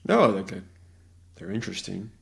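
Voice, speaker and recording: A man's voice: low voice, big pitch swings, moderate pace, vocal fry, fairly bright tone. A middle-aged man in casual conversation, telling a rambling story and acting out the voices of the people in it.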